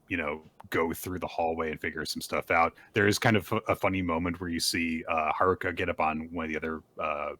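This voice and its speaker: A man's voice: sits low, pushed and bright. A man hosting a podcast, casually recapping a manga chapter in a rambling way, with fillers and the odd swear. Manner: rambling retelling with fillers and profanity; plays characters' lines in quick put-on voices. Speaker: podcast host.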